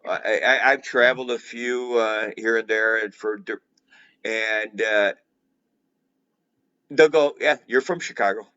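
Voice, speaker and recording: A man chatting casually with a friend, often halting and restarting his sentences. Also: fairly low pitch, steady tone, sharp tone, smooth, dull audio. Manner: halting, full of restarts and fillers. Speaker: guest. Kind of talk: casual chat.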